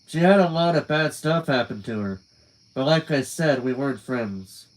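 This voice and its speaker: A young man reads a novel aloud in a live stream, casual and conversational between lines. His voice sits at an ordinary middle pitch. Crickets chirp softly behind him in the quiet night. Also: animated, moderate pace, low-quality recording. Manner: casual, laughs and swears in asides. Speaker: reader.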